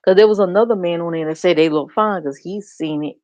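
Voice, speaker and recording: A woman streamer drawls through profane, mocking gossip commentary, laughing often. Her voice sits a little low and the audio is dry and slightly muffled. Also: brisk, a little mellow, no echo. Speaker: reaction streamer.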